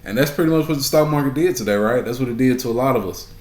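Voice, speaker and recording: A man's voice: medium pitch, racing, a little mellow. Chatty man recapping his stock trades. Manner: conversational, keeps asking "right?", repeats phrases for emphasis. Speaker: stock market vlogger. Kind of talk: casual market recap. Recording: echoey room.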